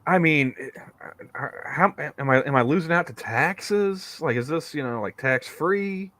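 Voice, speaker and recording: A man's voice: a little high, lively intonation, unhurried, sharp tone, no room sound. A man co-hosting a podcast, rambling casually, repeating his words and laughing often. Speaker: podcast co-host. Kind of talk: casual chat.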